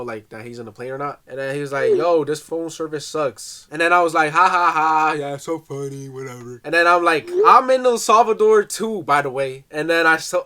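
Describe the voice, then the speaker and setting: A young man vlogging, casually telling a prank story into his phone, joking and reading out text messages in a mock voice. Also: fairly high pitch. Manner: animated, reads out texts in a mock voice, jokey.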